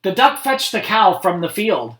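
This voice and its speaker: A school principal reads picture books aloud to students online, pausing between passages for friendly, chatty asides. His voice is high and very animated, with a fairly bright tone and a moderate pace.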